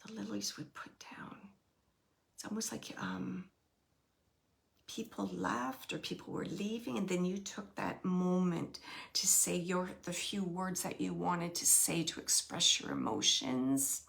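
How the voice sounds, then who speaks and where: A woman working as a medium, relaying a spirit's messages in soft, halting phrases that often drop to a whisper. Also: fairly low pitch, vocal fry. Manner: repeats phrases and pauses searching for words. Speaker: psychic medium. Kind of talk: channeling a spirit reading.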